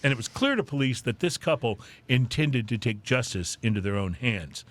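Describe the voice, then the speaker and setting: A man hosting a podcast, reading drinking news with deadpan jokes. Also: medium pitch, normal speed. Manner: animated, deadpan joking delivery. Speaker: podcast host.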